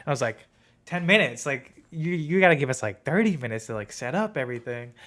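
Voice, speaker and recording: A man's voice: mid-range voice, animated, fast, a bit bright. A young man hosting a podcast, telling a rambling story in casual chat with lots of fillers. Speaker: podcast host.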